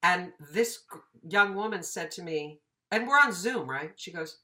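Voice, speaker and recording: A voiceover teacher in her fifties tells stories in a relaxed interview. Her voice is bright and sits a little low for a woman. She acts out the people in her anecdotes as she goes. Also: normal speed. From United States. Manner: animated, acts out quoted dialogue. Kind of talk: casual storytelling interview.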